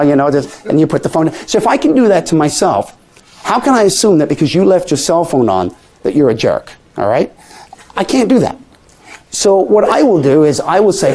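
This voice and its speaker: Older man, mentalist lecturing, lively up-and-down voice, mellow tone, acts out scenes. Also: medium pitch, a little fast. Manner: animated storyteller acting out little scenes. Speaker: mentalist teaching magic. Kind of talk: lecture to a live class.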